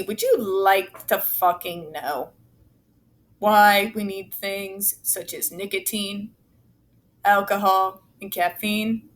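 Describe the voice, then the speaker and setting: A woman's voice: mid-range voice, fairly bright tone. A woman giving angry, blunt commentary as she reads from a report, swearing heavily and sarcastic. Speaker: autistic advocate commentator.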